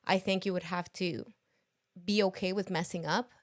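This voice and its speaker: A woman's voice: lowish voice, fairly even intonation, moderate pace. A woman co-hosting a podcast, chatting casually, laughing often and reading viewer comments aloud. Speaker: podcast co-host.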